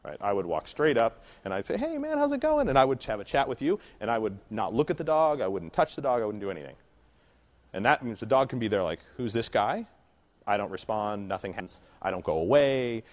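A man's voice: on the low side, lively intonation. A man running a puppy class, explaining dog training in a casual, conversational way and acting out little scenes. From California. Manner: conversational, acts out little scenes with quick voices. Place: indoor training class room.

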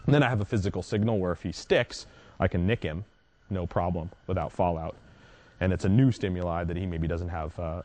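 A man's voice: deep voice, fairly quick, mellow. A man dog trainer explaining a technique in a casual, conversational teaching style, often checking in with the listener.

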